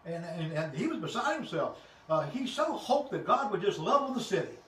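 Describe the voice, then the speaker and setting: A man joining a casual Bible discussion, speaking earnestly with a halting, restarting manner. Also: sits high, very animated, fairly bright tone, slight background noise. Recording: roomy, distant mic with faint ambience.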